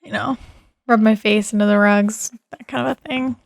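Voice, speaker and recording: A woman playing a tabletop role-playing game, describing her character's actions in a relaxed, giggly way. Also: medium pitch, moderate pace, gravelly, dry recording, clean studio sound. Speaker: player.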